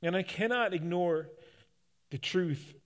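A man's voice: high-pitched, takes it slowly. A middle-aged man from Canada, a pastor preaching a sermon in a conversational, folksy storytelling way, often restarting his sentences. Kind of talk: sermon with personal stories.

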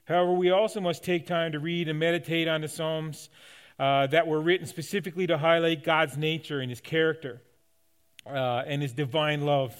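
A man's voice: on the high side, clear, resonant tone. A man, the pastor of his church, preaching a conversational sermon to his congregation, with frequent restarts and light laughs. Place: church sanctuary.

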